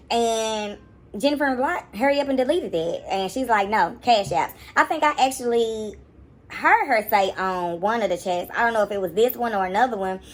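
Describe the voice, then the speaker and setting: A young woman, giving sassy, animated reaction commentary. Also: mid-range voice. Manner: sassy, animated, mocking voices at times. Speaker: commentary YouTuber.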